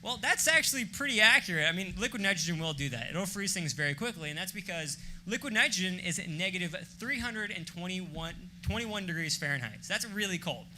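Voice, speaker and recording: Upbeat high-voiced man doing a science demo. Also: lively intonation, fairly quick, few pauses, sharp tone. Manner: upbeat, jokey, explains step by step. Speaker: science demonstrator. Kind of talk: live science demo for an audience. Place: stage at a live event. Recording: noisy live event ambience.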